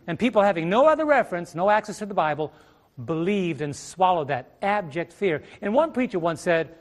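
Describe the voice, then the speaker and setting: A middle-aged man with a high-sitting, animated voice preaches a sermon fairly quickly on a church stage, picked up by a stage microphone. He's emphatic, throwing rhetorical questions at the congregation and drawing out key words.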